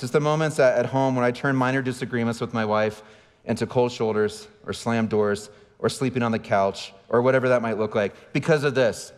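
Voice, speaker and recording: Male pastor, 40s, candid self-mocking sermon storyteller, mid-pitched voice, long hall echo. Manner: candid, self-deprecating storytelling with asides to the crowd. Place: large church auditorium.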